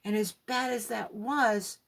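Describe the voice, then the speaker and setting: Gravelly, husky woman giving testimony. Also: a little high, fairly even intonation, unhurried, a bit bright. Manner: emphatic storytelling with acted-out dialogue. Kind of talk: personal religious testimony.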